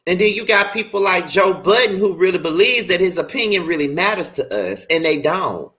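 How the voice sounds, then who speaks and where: A man's voice: high voice, animated, fairly quick, bright, forceful tone. A young man hosting a livestream, ranting bluntly and profanely, repeating his points for emphasis. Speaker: show host.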